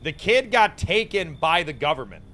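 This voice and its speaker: A man's voice: a little high, sing-song, normal speed, bright, forceful tone. A male streamer giving casual, chatty gameplay commentary, reacting and thinking aloud. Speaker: VTuber streamer.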